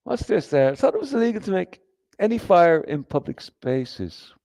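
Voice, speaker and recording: A man's voice: high voice, sing-song, normal speed, creaky, a little mellow, dry recording. A man hosting a livestream, talking in a rambling, profane, emphatic way with frequent restarts and reading comments from chat. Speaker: livestream host.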